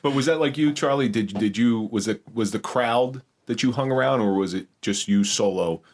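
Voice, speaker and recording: A man's voice: medium pitch, moderate pace. A man co-hosting a podcast, asking probing questions in casual chat. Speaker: podcast co-host.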